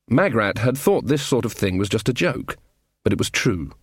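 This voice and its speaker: A man reading a comic novel aloud in a wry, deadpan narration. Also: lowish voice, moderate pace, slightly rough, no room sound, clean studio sound. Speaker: audiobook narrator. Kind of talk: scripted narration.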